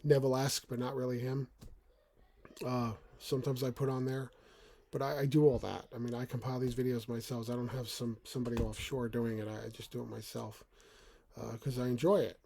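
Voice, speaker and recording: A man's voice: medium pitch, little pitch movement, brisk, creaky, mellow, slight background noise. A middle-aged man talking casually to camera from a small room at home, rambling and stammering as he repeats words. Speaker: channel host.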